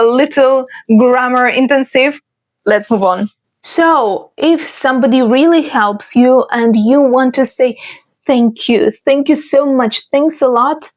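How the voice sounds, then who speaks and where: Slow, careful woman language teacher. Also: fairly high pitch. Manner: slow, careful modelling of words. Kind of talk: explanatory online lesson.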